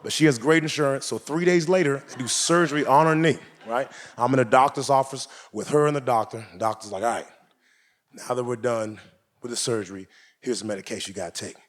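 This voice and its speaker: At a live comedy club with an audience, the young man tells his stories with animation, slipping into other people's voices. He talks a little fast, at a medium pitch.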